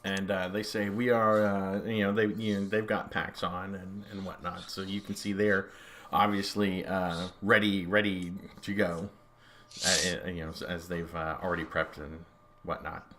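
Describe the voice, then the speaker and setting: A man runs a tabletop game, describing the scene in an unhurried, rambling way full of "uh" and "you know". His voice is bright and slightly low, with a faint hiss in the background. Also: flat delivery. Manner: rambling, many fillers, jokey. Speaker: game master.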